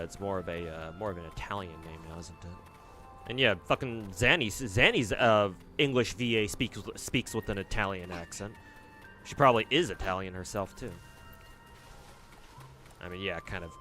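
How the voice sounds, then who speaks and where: A man's voice: on the low side, animated, moderate pace, pushed and bright. A man streaming a game, thinking aloud in a rambling, casual way and swearing now and then. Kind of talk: casual gameplay commentary. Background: faint game music.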